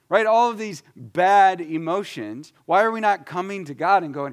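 Man, pastor, fairly high voice, conversational sermon, emphatic delivery. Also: moderate pace, few pauses. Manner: conversational preaching, acts out prayers in his own voice.

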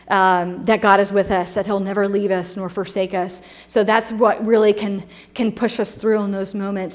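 Woman preaching in a chatty storytelling way. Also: medium pitch. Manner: conversational, storytelling sermon with many fillers. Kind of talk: sermon.

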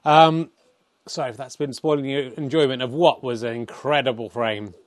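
A man's voice: mid-range voice, fairly even intonation, normal speed. A man hosting a comedy stream, rambling and joking at himself, with an English accent. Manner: rambling, playful, self-deprecating. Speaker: host. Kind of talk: comedy livestream commentary.

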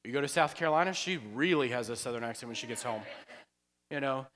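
A man's voice: medium pitch, fast, fairly bright tone, in a large hall. A man preaching a casual, joking sermon in a church, breaking into chatty asides and laughing often. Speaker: pastor. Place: church sanctuary.

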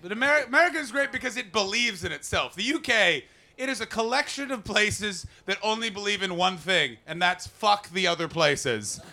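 A man works a comedy room with a high, ringing voice, chatting with the crowd between bits. He riffs loosely and jumps into loud, mocking impressions of the people in his stories. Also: lively intonation, normal speed. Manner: riffing, swinging into loud mocking voices for characters. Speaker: stand-up comedian. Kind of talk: improvised stand-up set with crowd work. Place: comedy club stage before a live audience.

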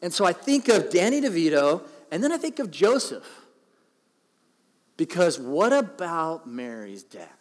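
A man's voice: high-pitched, sing-song, measured pace. A middle-aged man giving a sermon as pastor, conversational and joking. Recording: long hall reverb.

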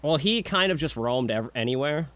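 A young man co-hosting a podcast in casual chat, swearing a lot and reacting excitedly. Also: a little high, normal speed, dry recording. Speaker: podcast co-host.

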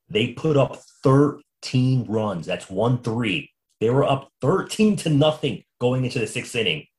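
Lower-voiced man hosting a sports podcast. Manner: animated, quick storytelling with frequent restarts. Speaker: podcast host. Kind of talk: casual sports podcast chat.

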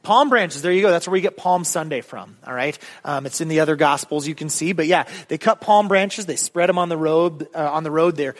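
Male pastor, slightly high voice, chatty sermon delivery with frequent ums, long church-hall reverb. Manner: conversational, with filler ums and rising emphatic questions. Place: church sanctuary.

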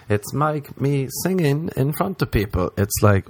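A man's voice: medium pitch, big pitch swings, moderate pace, hardly any pauses, dry recording. A young man telling a rambling, profane comic monologue. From Ireland. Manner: rambling, profane, mocking asides. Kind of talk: casual stand-up style monologue.

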